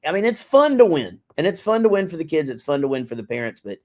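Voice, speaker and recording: A man's voice: fairly high pitch, big pitch swings, fast talker, a little mellow. Middle-aged guy rambling on a podcast, loose and easygoing, drops a swear here and there. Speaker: podcast co-host. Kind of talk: casual chat.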